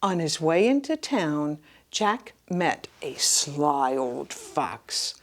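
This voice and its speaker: Animated woman reading picture books. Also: sits low, very slow. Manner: animated, slipping into hushed whispers and gasps. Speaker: children's librarian. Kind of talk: reading a picture book aloud to children.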